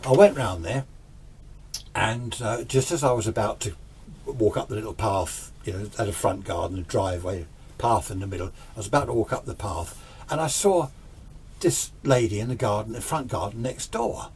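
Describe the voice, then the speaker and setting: A man's voice: lowish voice, moderate pace, darkish tone, slight background noise. A man telling a ghost story in a casual, rambling way, often repeating himself.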